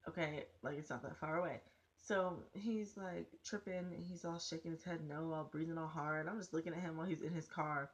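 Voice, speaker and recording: Low-voiced young woman telling a blunt story. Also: fairly quick. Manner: animated, blunt, profane storytelling. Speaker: vlogger. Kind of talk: casual storytime.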